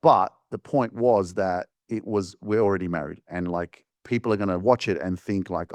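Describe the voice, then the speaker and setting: A man casually telling a story to his audience, animated, sarcastic, full of fillers. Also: low voice, normal speed, few pauses, dry recording. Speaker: host. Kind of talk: casual monologue.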